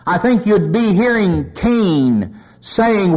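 A man preaching a sermon, his pitch rising as he voices the cries of sinners. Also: big pitch swings, a little slow, a little mellow, lo-fi sound.

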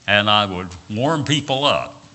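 A man's voice: fairly low pitch, lively intonation, unhurried, pushed and bright, slight background noise. An older man from West Virginia with a Southern accent, preaching a sermon and telling folksy personal stories with frequent "uh"s and repeated words.

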